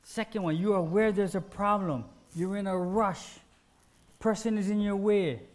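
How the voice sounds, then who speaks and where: A man giving an informal spiritual teaching, animated and self-deprecating, acting out everyday scenes in short, punchy phrases. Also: high voice, moderate pace.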